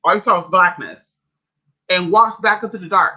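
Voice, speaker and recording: A man from California tells his livestream audience a story, swearing freely and calling listeners "honey" and "y'all". His voice sits high and rings sharp and bright. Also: normal speed, poor audio. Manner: profane, dramatic, calls listeners "honey" and "y'all". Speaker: spiritual livestream host. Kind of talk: casual storytelling to a live chat.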